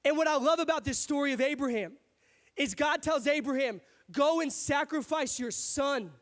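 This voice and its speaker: A young adult man preaching a sermon as pastor, telling a story with animated asides and acted-out characters. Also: very high voice, moderate pace. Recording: hall reverb.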